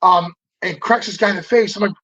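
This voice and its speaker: A man in his fifties tells stories as a podcast guest, rambling along with plenty of swearing, false starts and fillers. His voice sits a bit high for a man. The recording sounds dull and lo-fi. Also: steady tone, fairly quick, pushed and bright. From Southern California. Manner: rambling and profane, full of fillers and restarts. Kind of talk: casual storytelling interview. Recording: dull lo-fi audio.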